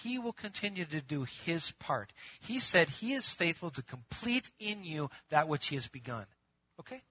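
A man preaching a sermon to his congregation in a lively, conversational way, moving from loud emphatic bursts to quiet, intimate pleading. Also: a little high, normal speed, slightly rough, no echo, muffled recording. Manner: calls the congregation "gang", laughs between points. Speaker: pastor.

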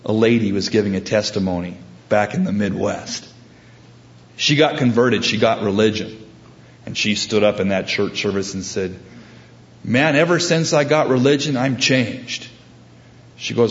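A man's voice: on the low side, moderate pace, pauses often, highs cut off. A man preaching a sermon, storytelling with humorous asides and acting out the people he quotes. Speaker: pastor.

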